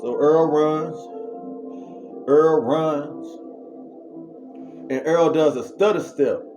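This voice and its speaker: A man vlogger telling a story in an animated, slangy way and then preaching, with sound effects he makes himself. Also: fairly high pitch, drawn-out words, lo-fi sound. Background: music.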